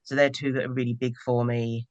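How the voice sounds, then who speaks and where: A woman's voice: rumbling low, fairly quick, no echo, lo-fi sound. A woman on a podcast panel, chatting animatedly with frequent laughter. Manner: giggly, animated storyteller. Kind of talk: casual panel chat.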